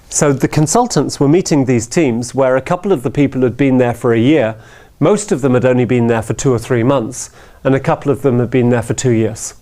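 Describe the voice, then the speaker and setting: A man's voice: medium pitch, mellow. A man giving a storytelling talk who often checks in with his listeners by asking "yeah?". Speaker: speaker.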